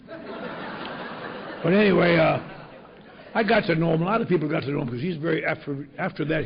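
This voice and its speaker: An older man tells a story to a convention crowd in a blunt, salty way. His voice is gravelly and sits slightly high for a man. The recording is a slightly muffled archival tape with faint noise behind it. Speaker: recovery meeting speaker. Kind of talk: storytelling talk. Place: convention hall.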